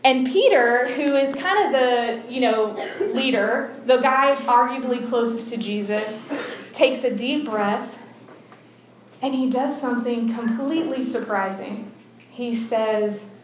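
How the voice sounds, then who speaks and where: A woman's voice: on the high side, slow pace. Young woman preaching casually, acts out voices, roomy echo, faint hum behind. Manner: chatty, animated, acts out the story's voices. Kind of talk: casual sermon storytelling. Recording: echoey room, faint ambience.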